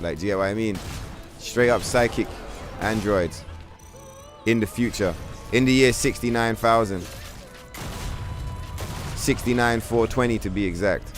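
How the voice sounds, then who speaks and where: A man's voice: on the low side, moderate pace, long pauses, soft background music. A man streaming a video game live, commenting on the action as he plays, swearing freely and trash-talking the enemy on screen. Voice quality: profane, trash-talking, excitable.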